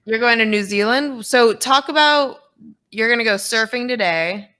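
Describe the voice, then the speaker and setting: A woman's voice: on the high side, normal speed, pushed and bright, clean tone. A woman co-hosting a comedy podcast, chatting casually and firing off teasing questions. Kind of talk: casual chat.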